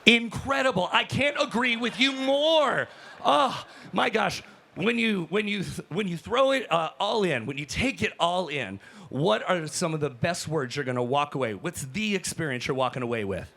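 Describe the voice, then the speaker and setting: A man working as hype host on a convention show floor, enthusiastic and loud as he greets fans. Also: high voice, animated, moderate pace, gravelly. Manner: enthusiastic, hype, shouting to crowd. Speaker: hype host, roaming reporter. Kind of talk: energetic crowd interviewing.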